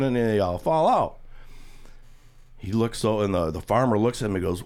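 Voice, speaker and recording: A man's voice: on the low side, expressive, normal speed, pauses often, darkish tone. A man hosting a radio show, casually rambling and telling a long joke in a chatty way. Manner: rambling storyteller, chuckles. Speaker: radio host.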